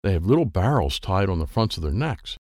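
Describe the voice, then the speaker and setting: A man reading a children's book aloud, lively and playful, with sound effects and character voices. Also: deep voice, a little fast, dry recording, clean studio sound. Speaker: audiobook reader.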